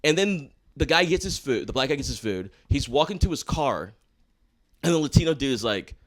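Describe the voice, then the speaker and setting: A man from Washington, D.C., a stand-up comedian guest in a casual podcast chat, telling stories in an animated, slangy way full of swearing. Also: mid-range voice, brisk.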